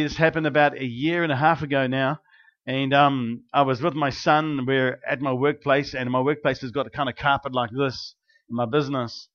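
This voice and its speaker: A man preaching, first praying aloud and then telling stories in an animated way, with many fillers and restarts. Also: mid-range voice. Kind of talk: prayer and sermon storytelling. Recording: dull lo-fi recording.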